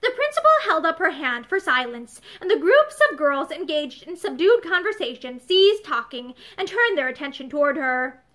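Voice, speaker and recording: A woman reading an old novel aloud, seated facing the camera, with an expressive storytelling delivery. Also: high voice, moderate pace, hardly any pauses. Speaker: audiobook narrator. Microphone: camera-facing recording.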